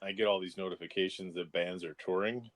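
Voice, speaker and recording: Lower-voiced guy chatting on a podcast. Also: fairly quick. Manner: relaxed, laughs often, rambling. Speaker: podcast co-host. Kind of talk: casual chat.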